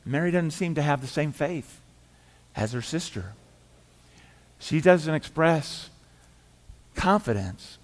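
A middle-aged man preaching a sermon as pastor, telling the story in a conversational way, acting out quoted voices and dropping quiet for emphasis. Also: high-pitched. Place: church sanctuary. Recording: church hall reverb.

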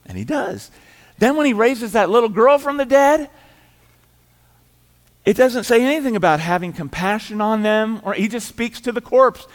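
A middle-aged man preaching a sermon as pastor, telling the story in a conversational way, acting out quoted voices and dropping quiet for emphasis. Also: sits high, big pitch swings, normal speed. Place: church sanctuary. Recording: church hall reverb.

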